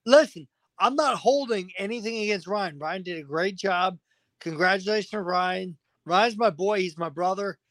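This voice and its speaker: A man's voice: high-pitched, moderate pace, a bit bright, dry recording. A man guest on a podcast interview, agitated and venting, swearing constantly. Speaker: fighter guest.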